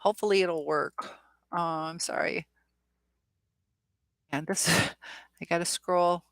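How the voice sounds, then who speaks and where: A woman's voice: lowish voice, steady tone, slow pace, a bit bright, no room sound. Chatty woman host reading live chat. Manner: chatty, reads viewer comments aloud with filler ums.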